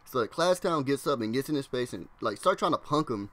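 A man's voice: mid-range voice, animated, a bit bright, dry recording. Young man rambling through a slangy storytime. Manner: acts out classmates' lines in quick impressions. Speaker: vlogger telling a story. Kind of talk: casual storytime narration.

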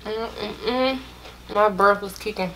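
Slow-talking young woman telling a story. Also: mid-range voice, a little hiss or hum. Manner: animated, drawn-out storytelling with many asides to viewers. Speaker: vlogger. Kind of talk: casual storytime chat.

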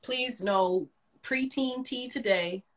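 A woman's voice: on the high side, slow pace, background noise. A woman co-hosting a casual livestream chat, gushing enthusiastically and talking straight to her viewers on a phone mic. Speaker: livestream co-host.

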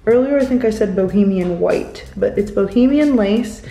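A young woman vlogs a makeover of a room in her home, chatting and explaining as she works indoors in casual narration. Her voice is warm and mid-range at a moderate pace. The bare room sounds echoey.

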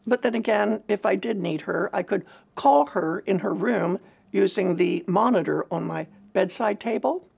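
A woman's voice: medium pitch, normal speed, creaky, a little mellow, breathy edge. A woman giving an earnest personal testimony, telling her story in a reflective way. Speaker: speaker at a women's ministry event.

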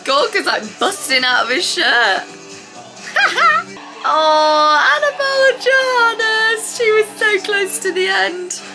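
A woman gushing and squealing excitedly as she reacts to a dance show on TV. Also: very high voice, takes it slowly, rough recording. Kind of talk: watch-along reaction chat. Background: TV show with music playing.

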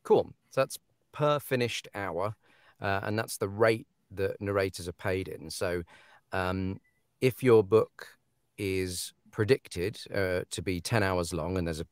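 A man's voice: low-pitched, unhurried, no echo, clean studio sound. A man, an audiobook narrator, chatting casually and laughing often. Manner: animated, laughing, acts out quoted authors. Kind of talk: casual podcast chat.

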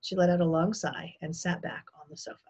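A woman teacher reading a children's novel aloud in an expressive storytelling manner. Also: fairly low pitch, fairly quick, highs cut off.

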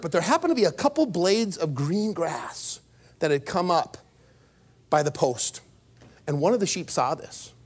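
A man preaching a sermon as pastor, telling stories with sudden jumps in pitch and small laughs along the way. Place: church.

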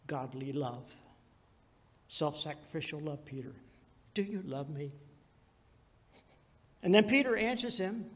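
A man preaching a sermon as pastor, telling the story dramatically and swinging between loud and hushed passages. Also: fairly high pitch, long reverb tail.

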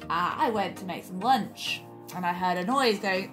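A woman's voice: lowish voice, normal speed, faint music behind. A woman co-hosting a card-opening channel, chatting casually and giggling often as she opens packs. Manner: giggly, excitable, laughs often.

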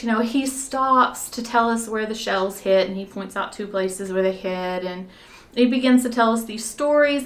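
Woman telling a story in a halting way. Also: medium pitch, a bit bright. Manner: rambling, halting with fillers and restarts; breaks into laughter while telling the story. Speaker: volunteer. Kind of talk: conversational storytelling.

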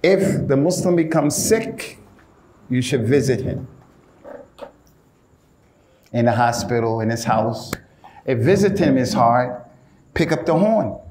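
A male preacher giving an informal, animated sermon in casual street slang, often calling his listeners "man". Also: mid-range voice, takes it slowly, long pauses, reverberant, a little hiss or hum.

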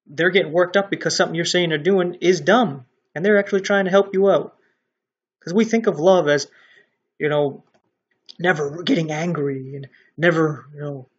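Guy preaching to the camera, kinda husky and a bit high, blunt and swears some, gets loud when he's on a roll. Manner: blunt, informal, with mild swearing; grows louder and more animated when making a point. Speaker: online Christian commentator. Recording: dull lo-fi sound.

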